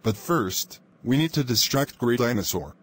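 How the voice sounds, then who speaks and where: Brief: man playing a whiny, scheming young dino, mid-pitched. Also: animated, moderate pace, a bit bright, slightly rough. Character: young male dinosaur, mischievous troublemaker.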